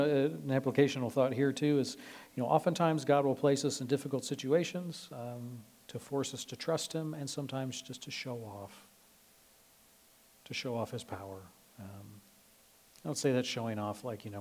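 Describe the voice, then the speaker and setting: A man's voice: mid-range voice, a little mellow. A male pastor giving a casual, conversational sermon, full of fillers and dramatized quotes. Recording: long reverb of a large hall.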